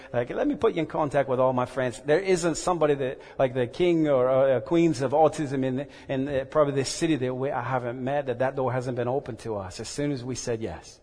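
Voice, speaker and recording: A man preaching a sermon and telling a personal story, earnest and halting, often repeating words. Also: medium pitch, a little mellow. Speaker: pastor. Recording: echoey hall reverb.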